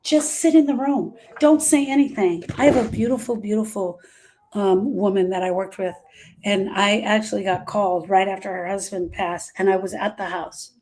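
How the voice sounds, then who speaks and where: A woman's voice: mid-range voice, steady tone, normal speed, a little mellow. A woman grief specialist talking live to her viewers, giving emphatic, repetitive, direct advice.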